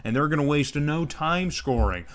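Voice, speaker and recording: A man casually calling play-by-play over his own football video game, excitable, tripping over names and tacking "man" onto his lines. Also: on the high side, moderate pace. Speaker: gaming YouTuber commentating his own franchise game.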